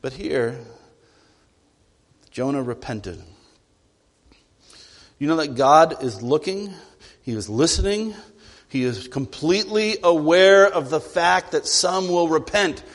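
A man preaching a sermon as a pastor, animated, swinging between loud emphatic lines and quiet, low asides. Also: slow, pauses often. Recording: long hall reverb.

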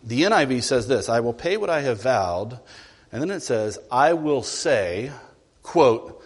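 A man preaching a sermon as a pastor, animated, swinging between loud emphatic lines and quiet, low asides. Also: a little slow, husky. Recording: long hall reverb.

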